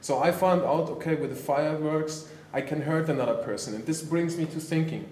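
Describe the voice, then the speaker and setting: Man, hesitant, musing, slightly high voice, roomy sound, faint ambience. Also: a little fast, a little mellow, slight background noise. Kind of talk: casual conversation.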